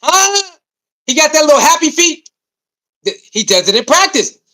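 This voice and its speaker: A man giving an animated sports commentary rant, repeating himself for emphasis, asking rhetorical questions and speaking straight to his audience. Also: very high-pitched, moderate pace.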